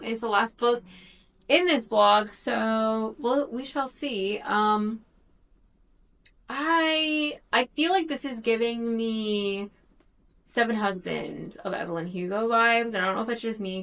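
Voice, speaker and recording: A woman's voice: fairly high pitch, fairly bright tone. A thirty-year-old woman chatting casually in a reading vlog, talkative and self-conscious, with frequent fillers and restarts. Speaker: book vlogger.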